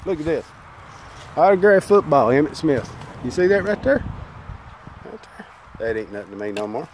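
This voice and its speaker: A man's voice: fairly high pitch, sing-song, normal speed, a little mellow, a little hiss or hum. A man, ranting bitterly outdoors, addressing his old team directly in a preachy, drawling way. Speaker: fan burning team memorabilia. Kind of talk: angry outdoor monologue to camera. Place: outdoors by a fire.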